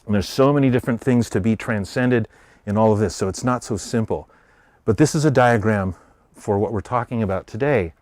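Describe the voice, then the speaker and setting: A man with an American accent giving an animated public talk, telling stories and voicing characters in quotes. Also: on the low side, a little fast, no echo. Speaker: speaker.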